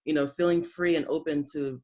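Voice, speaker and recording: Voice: medium pitch, fairly even intonation, a little fast, a little mellow. A podcast host who asks long, rambling questions and affirms the guest in a casual interview.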